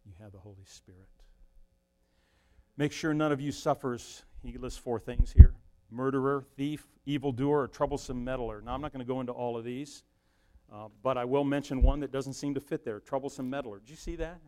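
A middle-aged man preaching a sermon as pastor, swinging from loud emphasis down to a near-whisper. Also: mid-range voice, fairly even intonation, brisk.

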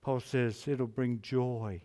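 A man preaching a sermon, moving between hushed, low passages and loud, emphatic climbs. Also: fairly even intonation, slow pace. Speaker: pastor.

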